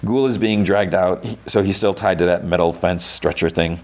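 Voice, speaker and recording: A man's voice: low-pitched, steady tone, normal speed, a little mellow. A man hosting a podcast, casually recapping a show's plot in a rambling way, full of "like"s and restarts. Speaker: podcast host.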